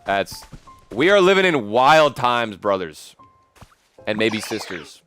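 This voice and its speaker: A young man, a gaming streamer, chatting casually and excitedly over gameplay, full of slang. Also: mid-range voice, slow, clear, resonant tone, faint music behind. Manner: animated, slangy, says "dude" a lot.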